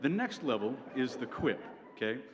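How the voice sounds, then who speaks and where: A man's voice: medium pitch, lively intonation, moderate pace. A young man performing a stand-up comedy set at a university venue, with a dry delivery like a lecture and frequent "okay?" asides. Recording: long hall reverb, faint ambience.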